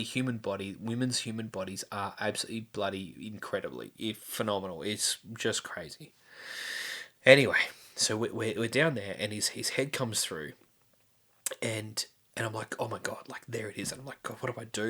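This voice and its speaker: A man's voice: lowish voice, sharp tone. A young man telling a personal story in a casual, rambling way, full of restarts, fillers and casual swearing. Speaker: podcast host.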